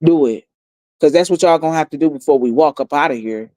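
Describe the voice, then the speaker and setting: Brief: blunt livestreamer retelling a night out, mid-pitched, dry close sound. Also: quick pace, a little mellow, no echo. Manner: blunt and profane, repeating lines for emphasis. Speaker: livestream host. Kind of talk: heated storytelling recap.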